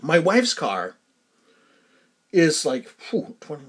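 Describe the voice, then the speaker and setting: A male podcast host telling stories in a loose, rambling monologue. His voice is fairly high for a man and swings up and down a lot. He laughs at his own jokes. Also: huge pitch swings, takes it slowly, breathy edge. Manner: rambling, laughs often, self-amused. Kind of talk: casual comic monologue.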